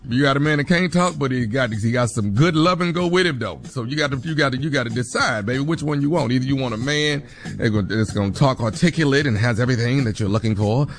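A man's voice: medium pitch, quick pace, natural voice. A man putting on a mumbling Southern drawl. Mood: boastful mumbling. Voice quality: mumbled, repetitive, hard to follow. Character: slurring, fast-mumbling southern man, boastful and flirty.

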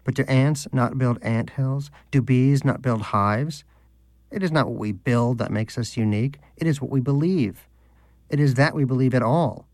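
A man's voice: medium pitch, moderate pace, darkish tone, no echo, studio quality, pitched above the performer's own voice, natural voice. A man doing a preachy pompous hamster. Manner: preachy, lofty and condescending. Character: pompous devout male pet hamster preacher. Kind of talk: audiobook character voice.

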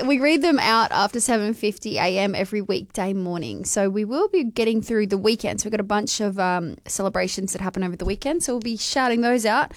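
A woman's voice: mid-range voice, a little fast, hardly any pauses, dry recording, clean studio sound. An Australian woman hosting a breakfast radio show in a chatty, friendly way, rattling off phone numbers and web addresses. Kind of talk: casual breakfast radio chat. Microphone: studio microphone.

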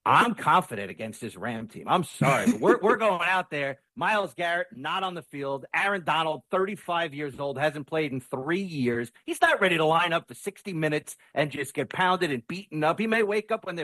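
A man talking football as a guest, animated and stumbling over his opening words. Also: on the high side, moderate pace, hardly any pauses, no echo. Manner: animated, repeats words when starting sentences. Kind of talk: excited sports talk.

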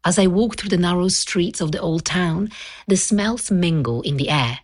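A woman's voice: lowish voice, normal speed, slightly rough. A woman reporter narrating a scripted radio piece in a descriptive, evocative way.

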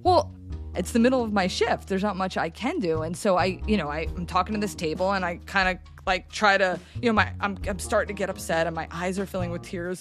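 A woman telling a personal story in an interview, animated and halting, acting out what people said. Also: mid-range voice, soft background music. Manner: animated, halting with restarts, acts out quotes. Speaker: storyteller guest.

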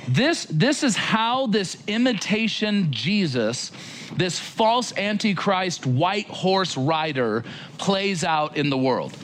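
A male preacher giving a sermon in a conversational, animated way, talking straight to his listeners. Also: high voice, slow, a little hiss or hum. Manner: animated, conversational, direct address.

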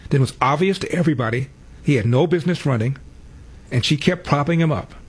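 Husky-voiced male talk radio host. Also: on the high side, fast talker. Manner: blunt, sarcastic, mocking imitations.

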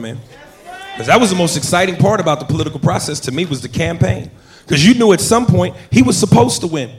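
A man doing stand-up comedy in a club, delivering punchy lines straight to the audience. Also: a little high. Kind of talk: stand-up routine. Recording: live club recording with crowd laughter and noise.

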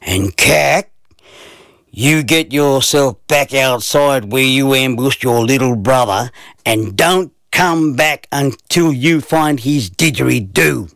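A stern father who speaks quietly and slowly, as a man puts him on while reading a story. The voice is gravelly and dry, close to the mic. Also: medium pitch, animated, no echo, full character voice.

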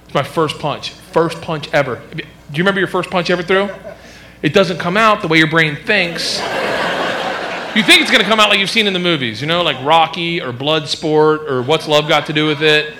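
A male stand-up comedian in animated storytelling with vocal sound effects, in a live comedy club. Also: on the high side, brisk, background noise.

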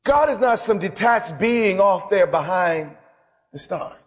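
A man preaching a sermon as a bishop, impassioned, swinging from hushed lines to loud ones. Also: high voice, lively intonation, a little slow. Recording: hall reverb.

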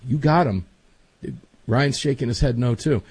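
A man's voice: medium pitch, unhurried, a little mellow, husky, no room sound. A man hosting a talk show in casual chat, folksy, rambling and enthusiastic.

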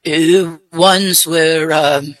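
A woman's voice: steady tone, no echo. Woman with a put-on English accent. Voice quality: deep-pitched. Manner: hesitant, halting with many fillers. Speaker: mystery guest. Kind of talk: radio guessing-game interview.

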